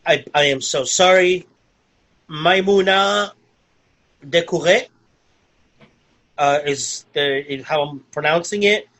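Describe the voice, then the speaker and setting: Bright-voiced man rambling through a movie recap. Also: on the high side, normal speed, few pauses, poor audio. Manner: rambling, full of "like" and restarts. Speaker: podcast co-host. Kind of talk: casual movie review chat.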